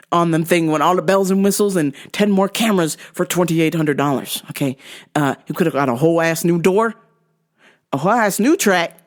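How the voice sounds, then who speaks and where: A woman podcast host telling a comic story, profane and exasperated. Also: low-pitched.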